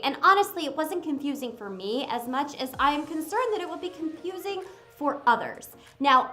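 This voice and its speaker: Bright, high-voiced animated woman reviewer. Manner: animated and exclamatory, breaks into quick impressions; chatty, addresses viewers directly. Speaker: movie reviewer. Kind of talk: casual movie review to camera.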